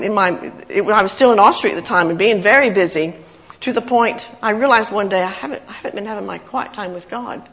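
A woman's voice: medium pitch, fairly bright tone. A woman preaching a sermon, telling a story with acted-out quotes and light laughter. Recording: muffled sound in a large reverberant hall.

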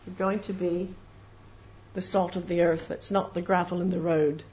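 In a dull, lo-fi recording with faint noise, a woman whose voice sits on the low side delivers a devotional sermon in a level tone at normal speed. She is earnest and occasionally voices doubters and those in prayer.

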